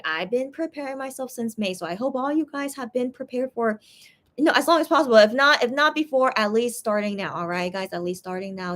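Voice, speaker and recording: A young woman chatting casually on a live stream, reading viewer comments and translating messages with frequent pauses and restarts. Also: a little high. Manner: hesitant, many restarts while translating.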